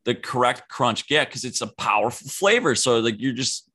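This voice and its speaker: A man's voice: medium pitch, lively intonation, moderate pace, pushed and bright. A young man co-hosting a podcast, chatting casually and giving blunt, rambling opinions. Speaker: podcast co-host. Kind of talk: casual chat.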